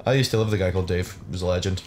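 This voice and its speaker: Rambling young British lad gamer. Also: male voice, deep voice, rapid-fire, darkish tone, a little hiss or hum. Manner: rambling, chatty with restarts. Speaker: gaming co-host. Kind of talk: casual gameplay chat.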